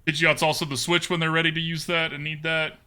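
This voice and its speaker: A man's voice: on the high side, flat delivery, fast, pushed and bright, smooth. A man streaming a card game live, chatting casually with his viewers and laughing often. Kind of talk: live gameplay commentary.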